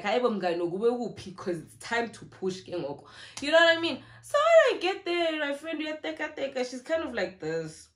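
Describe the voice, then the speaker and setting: A young South African woman telling a story in a casual, animated way, acting out what people said. She records on her phone. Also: mid-range voice. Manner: animated, acts out what people said, mixes in isiZulu slang. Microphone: phone camera.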